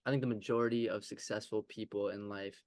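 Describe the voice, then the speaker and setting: Flat low-voiced man, earnest and encouraging. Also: a little fast, no echo. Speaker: podcast host. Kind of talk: casual interview chat.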